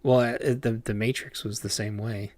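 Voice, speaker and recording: A man's voice: fairly low pitch, steady tone, normal speed, darkish tone, no echo. A man casually chatting on a livestream while playing a game, rambling with lots of fillers and restarts. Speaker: game streamer.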